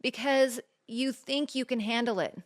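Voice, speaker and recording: A fairly high-pitched female voice, a little slow, belongs to a middle-aged talk-show co-host. She earnestly relates a personal story in casual conversation, bringing it to life by acting out what was said.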